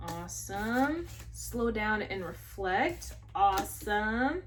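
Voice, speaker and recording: A woman's voice: mid-range voice, noisy background. A woman chatting her way through a tarot reading, thinking aloud with many fillers and asides. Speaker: tarot reader. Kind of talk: casual spiritual tarot reading.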